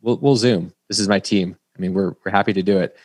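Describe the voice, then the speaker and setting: A man's voice: low-pitched, steady tone, fast talker, dry recording. A middle-aged man giving a motivational business talk to a group, telling stories and acting out the dialogue in them. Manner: storytelling, acts out dialogue in quotes. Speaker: speaker presenting to a group.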